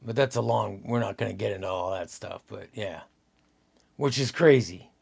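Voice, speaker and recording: A man's voice: on the low side, normal speed, gravelly, darkish tone, breathy edge. A man hosting a casual live stream, chatting loosely, repeating himself and reading out viewer comments. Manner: rambling, repeats himself, reads out chat comments.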